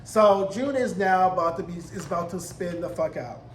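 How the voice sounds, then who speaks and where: A man giving an animated, profane, sassy recap of a TV episode in casual commentary. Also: high voice, normal speed. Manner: animated, profane, sassy, acts out character quotes. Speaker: TV recap reviewer. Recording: echoey room, faint noise.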